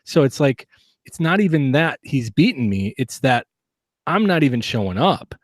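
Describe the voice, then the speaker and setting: A man's voice: mid-range voice, big pitch swings, moderate pace, no room sound, clean studio sound. A man talking as a guest on a casual podcast interview, earnest and reflective, often restarting his sentences. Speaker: guest, competitive shooter.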